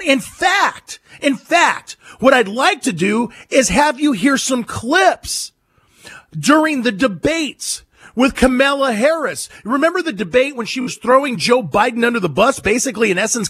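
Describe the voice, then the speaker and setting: High-voiced, emphatic talk radio man. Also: expressive, moderate pace, a bit bright, slightly rough. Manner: emphatic, repetitive, mocking. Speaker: radio talk show host. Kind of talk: political talk radio commentary.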